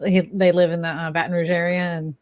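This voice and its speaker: A woman in her thirties, a real estate agent, co-hosts a casual chat as an animated storyteller, acting out what people said. Her voice is on the low side and a little fast, captured in a dry recording.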